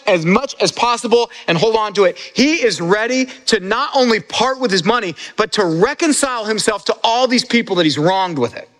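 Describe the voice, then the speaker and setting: Pastor guy preaching, kinda high voice, chatty, stumbles and repeats words, big hall reverb. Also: fairly bright tone. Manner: conversational, repeats words when building a point. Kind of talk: sermon.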